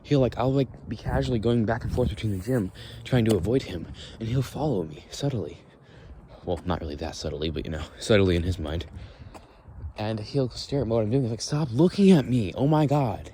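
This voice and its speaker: A man's voice: lowish voice, expressive, a little fast, warm tone, slight background noise. A young man hosting a casual walk-and-talk podcast, rambling bluntly with swearing and frequent restarts, recorded outdoors at dusk. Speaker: podcast host.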